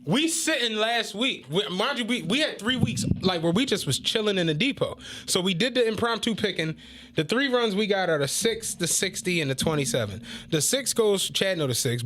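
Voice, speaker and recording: A man with a notably high voice recounts stories from driving the bus. He talks casually and profanely, with an animated, laugh-prone delivery. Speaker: city bus driver. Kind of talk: casual podcast storytelling.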